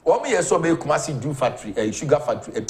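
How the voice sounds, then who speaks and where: Man, high voice, echoey room. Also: sing-song, very fast, darkish tone. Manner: rattling off figures and projects. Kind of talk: political talk-show discussion.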